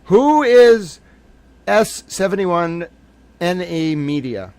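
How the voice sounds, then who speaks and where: A man's voice: fairly high pitch, lively intonation, moderate pace, no room sound. A man hosting a livestream of a trial, talking casually to his viewers in a rambling, jokey, self-mocking way. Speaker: livestream host commenting on a trial.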